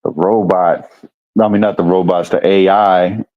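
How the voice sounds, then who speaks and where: A man with a very low voice talks on a podcast in a relaxed, searching way, often repeating words before he lands on his point. The recording is dull and lo-fi. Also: unhurried. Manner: hesitant, repeats words while thinking. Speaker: podcast host. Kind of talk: casual podcast chat.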